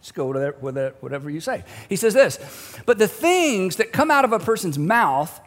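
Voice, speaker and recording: A man's voice: high voice, big pitch swings, moderate pace, in a large hall. A middle-aged male pastor preaching a sermon in a conversational, humorous way, acting out the voices he quotes.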